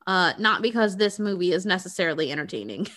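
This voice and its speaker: A woman's voice: on the low side, animated, fast talker, a bit bright. A woman co-hosting a podcast, chatting casually about a movie, blunt and swearing freely, laughing often. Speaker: podcast co-host. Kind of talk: casual movie review chat.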